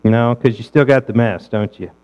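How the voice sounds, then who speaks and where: A man's voice: mid-range voice, moderate pace, darkish tone, dull audio. A male pastor preaching a sermon in a conversational way, asking his listeners rhetorical questions.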